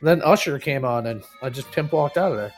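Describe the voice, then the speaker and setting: A man's voice: mid-range voice, animated, fairly quick, faint music behind. A man co-hosting a podcast, telling laid-back anecdotes in casual profane banter. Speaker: podcast co-host.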